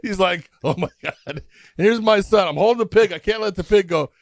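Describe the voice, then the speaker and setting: A middle-aged man co-hosting a podcast, telling a long story in a casual, animated way and acting out the voices of the people in it. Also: high voice, fairly quick, creaky, no room sound. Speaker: podcast co-host.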